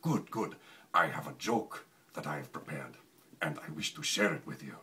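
A man voicing a formal male schoolteacher who has a very deep voice and speaks stiff, careful English. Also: expressive, normal speed, bright, forceful tone, a little hiss or hum, full character voice. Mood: polite, formal.

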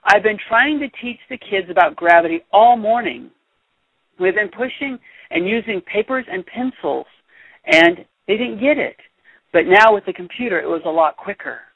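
A man putting on a chirpy high lady teacher. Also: animated, moderate pace, slightly rough, dry recording, heavily acted. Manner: sing-song storybook voice. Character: cheerful female schoolteacher, high and sweet. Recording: dry, tinny phone-like sound.

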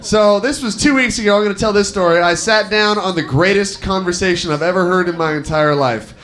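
A man in his twenties doing a stand-up set on an open-mic bar stage, brash, profane and animated as he tells stories. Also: high-pitched, a little fast. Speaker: stand-up comic, first-year teacher.

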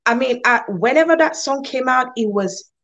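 A woman hosting a live-stream talk show, chatting lively with viewers and greeting them by name. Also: high voice, moderate pace, creaky, low-quality recording.

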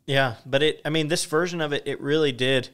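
A man's voice: on the high side, steady tone, a bit bright, smooth. A young man co-hosting a podcast, chatting casually about a film with many restarts. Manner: halting, many restarts, then reads verse aloud. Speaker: podcast co-host.

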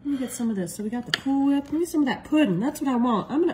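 A woman's voice: high-pitched, fast, few pauses, rough recording. A woman hosting a casual cooking demonstration, chatty and enthusiastic. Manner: chatty and enthusiastic, often saying "y'all". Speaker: cooking video host.

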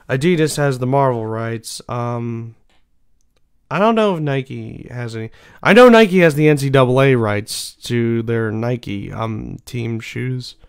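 A young man talks at a slow, unhurried pace, wandering from thought to thought with plenty of fillers and false starts. His voice comes through smooth and clear as he chats casually as the host of his own show. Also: medium pitch. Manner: rambling, many fillers and restarts. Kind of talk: casual solo chat.

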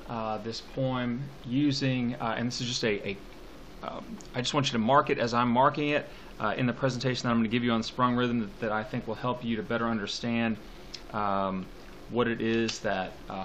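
A man teaching a class on a poem, talking slowly and haltingly with many fillers, stopping to read lines aloud. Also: medium pitch, fairly bright tone, a little hiss or hum. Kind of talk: classroom poetry lecture.

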